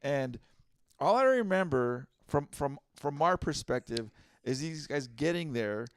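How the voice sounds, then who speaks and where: A man's voice: medium pitch, measured pace, a little hiss or hum. A man, chatting casually on a podcast and recounting a story. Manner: relaxed, chiming in with agreement. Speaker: podcast co-host.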